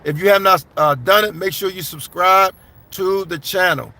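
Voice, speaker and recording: A man's voice: high voice, moderate pace, bright, forceful tone. A man doing casual live-stream commentary, reading viewer comments aloud and answering them bluntly. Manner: blunt, conversational, addresses viewers as y'all and man. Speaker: livestream commentator.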